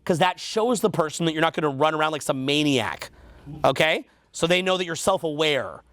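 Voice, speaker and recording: A man's voice: a little high, animated, a little fast, fairly bright tone, dry recording. A man with a Canadian accent teaching a seminar, quizzing the audience and repeating their answers back. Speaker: dating coach.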